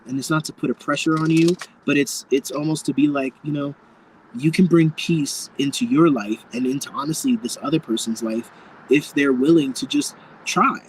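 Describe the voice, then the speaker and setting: A man's voice: fairly high pitch, normal speed, a little hiss or hum, rough recording. A man giving a live tarot reading to viewers, speaking frankly and campily, calling people darling and swearing freely. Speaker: tarot reader.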